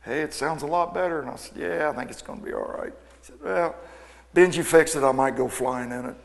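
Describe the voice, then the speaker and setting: A man, an aircraft mechanic, telling an animated, folksy story to an audience and acting out the dialogue. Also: on the high side, brisk, gravelly. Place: event hall. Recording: long hall reverb.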